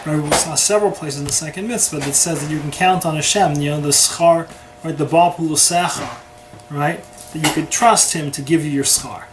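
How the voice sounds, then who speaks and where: A man's voice: a little high, a little fast. Man teaching a Torah class, noisy recording. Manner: conversational, keeps asking "right?". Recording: steady background noise.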